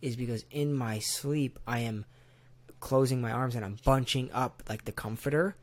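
A man's voice: mid-range voice, steady tone, moderate pace. A young man in casual podcast chat, rambling with lots of fillers and easy laughs. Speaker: podcast co-host.

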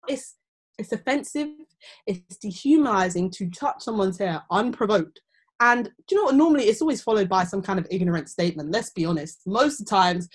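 A young woman, chatting casually and telling stories, often acting out other people's voices. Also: slightly rough. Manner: animated storytelling, acting out quoted people in high voices. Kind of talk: casual chat.

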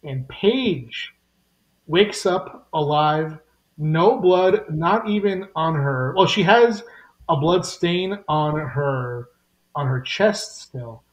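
A man's voice: fairly high pitch, takes it slowly, poor audio. A man hosting a podcast, recapping a comic issue in casual chat and acting out the characters' lines as he goes. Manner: animated retelling with voiced quotes. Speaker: podcast host.

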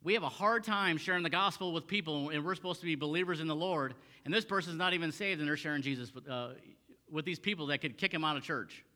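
A man's voice: fairly high pitch, fast talker, bright, forceful tone, in a large hall. A man preaching a sermon as a pastor, reading scripture aloud and then restating it in plain talk with frequent fillers and repeated phrases. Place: church sanctuary.

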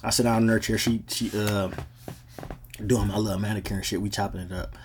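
With a lowish voice and flat delivery, this man talks briskly as a podcast host, casually recounting stories from his life. He's laid-back and slangy, frequently throwing in "you know what I'm saying", and there's slight background noise.

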